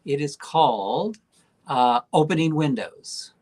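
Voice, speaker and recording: A man's voice: fairly high pitch, animated, slow pace, darkish tone. A man co-hosting a live stream, talking easily and walking through his painting step by step. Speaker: artist and show host. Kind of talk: casual live stream chat.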